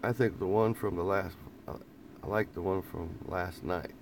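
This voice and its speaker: A man's voice: deep voice, normal speed, a little hiss or hum. Rambling man chatting from a camper van. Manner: rambling, laughs often, repeats phrases. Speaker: vlogger reading live chat. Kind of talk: casual live-stream chat. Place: inside a parked camper van.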